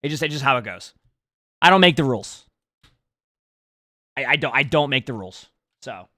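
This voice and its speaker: A man's voice: mid-range voice, expressive, normal speed, bright, forceful tone, no echo, clean studio sound. A man streaming live, rambling casually and talking to his chat. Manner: rambling, chatty, talks to chat.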